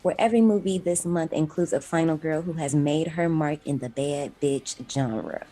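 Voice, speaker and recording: A woman's voice: sits low, moderate pace, over music. A woman hosting a casual horror podcast, upbeat and teasing as she chats with her co-hosts. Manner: upbeat, teasing, laughs often. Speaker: podcast host.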